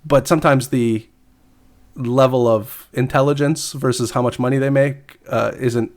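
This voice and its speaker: A man's voice: medium pitch, fairly even intonation, moderate pace. A man co-hosting a podcast, talking hesitantly with many fillers and chuckles, and reading news items aloud. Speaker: podcast co-host.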